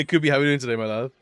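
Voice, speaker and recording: A man's voice: on the high side, no room sound. Playful man on a dry mic. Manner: playful, laughing often, swearing, rambling. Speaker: streamer. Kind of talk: casual live-stream chat.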